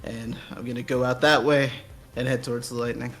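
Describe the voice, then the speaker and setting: A man's voice: medium pitch, level tone, brisk, a bit bright, faint music behind. A man playing a tabletop game, talking casually in character. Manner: casual, plain in-character talk. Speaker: player.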